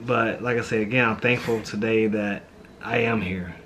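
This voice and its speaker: A man's voice: on the low side, steady tone, normal speed, a bit bright, slight background noise. A man who grew up in St. Louis, a pastor and vlog host, talking heartfelt and reflective in a casual chat, often saying "man" and "you know".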